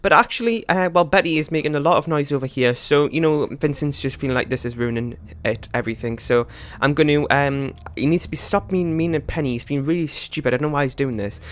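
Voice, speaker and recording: A man giving casual gameplay commentary as a let's play host, rambling and chatty with many fillers and quick laughs. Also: fairly high pitch.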